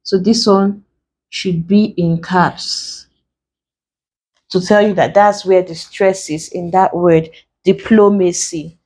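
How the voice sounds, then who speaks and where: Her voice is fairly low, steady and darkish as she walks through an exam-prep lesson. A Nigerian-accented teacher, she slowly and deliberately spells out letters and divides words into syllables step by step. The audio quality is low.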